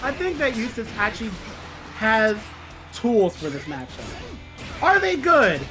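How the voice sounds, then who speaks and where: Male play-by-play caster, analytical, music up loud. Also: high-pitched, wildly swooping pitch, unhurried. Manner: explains frame data and mix-ups. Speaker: commentator. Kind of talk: play-by-play commentary.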